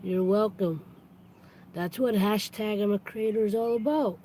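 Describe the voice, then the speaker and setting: A woman's voice: mid-range voice, measured pace, warm tone, a little hiss or hum, low-quality recording. A woman hosting a casual live stream, chatty, greeting and thanking her viewers as they come in.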